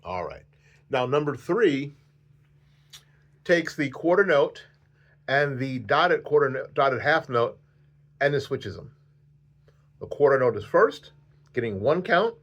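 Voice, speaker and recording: A man's voice: mid-range voice, a bit bright, highs cut off. A man teaching a flute lesson on video, patient and repetitive, counting the student in.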